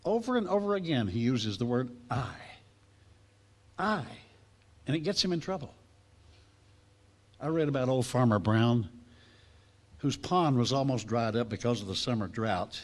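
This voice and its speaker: A man's voice: medium pitch, normal speed, pauses often. A man preaching a sermon to a class, telling stories and acting out the voices in the quotes. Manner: lively storytelling preacher, acts out voices in quotes.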